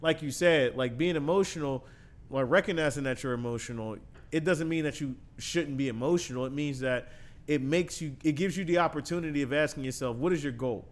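A man's voice: a little high, brisk. A man hosting a podcast, speaking thoughtfully and affirming his guest, with frequent casual fillers. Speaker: podcast host. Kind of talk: reflective podcast conversation.

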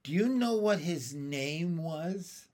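Man voicing an earnest teenage boy, storybook reading, slow, lively pitch. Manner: earnest, eager.

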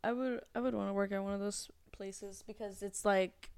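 A woman's voice: medium pitch, fairly even intonation, moderate pace, darkish tone, clean tone, dry recording. A young woman co-hosting a casual podcast, chatty and laughing, acting out customers in quoted voices. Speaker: podcast co-host. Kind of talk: casual chat.

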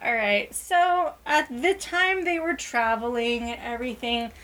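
A woman's voice: a little high, animated, measured pace, a bit bright, low-quality recording. A young woman co-hosting a podcast, telling a story casually with sarcasm, laughs and silly voices. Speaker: podcast co-host.

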